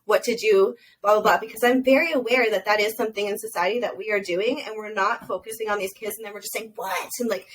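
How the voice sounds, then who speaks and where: Fast-talking, emphatic young woman. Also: medium pitch, fairly even intonation, a bit bright, a little hiss or hum, low-quality recording. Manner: fast, emphatic, frequent "like" fillers. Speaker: podcast guest. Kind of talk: casual podcast chat.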